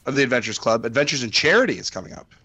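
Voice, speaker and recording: A man's voice: mid-range voice, expressive, very fast, pushed and bright. Guy cohosting a chill podcast, voice bounces all over, lots of ums and restarts. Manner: rambling, many fillers and restarts. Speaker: podcast co-host. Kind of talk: casual chat.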